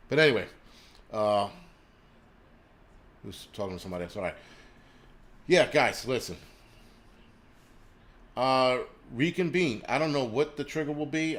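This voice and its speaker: A man hosting a livestream rants angrily and profanely, pausing often to read viewer names, comments, and donations aloud. His mid-range voice is a bit bright, with lively intonation at a normal speed.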